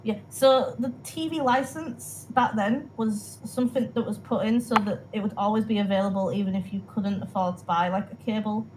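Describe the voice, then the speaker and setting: A woman's voice: medium pitch, normal speed, few pauses, a little mellow, slight background noise, rough recording. A young woman from the United Kingdom, a podcast co-host, explaining things in casual chat and often laughing.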